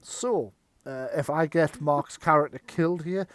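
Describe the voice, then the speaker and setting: A man narrating and running a tabletop horror game as game master, chatty and quick to laugh. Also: fairly high pitch, a bit bright. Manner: chatty, laughs often, slips into quick character voices.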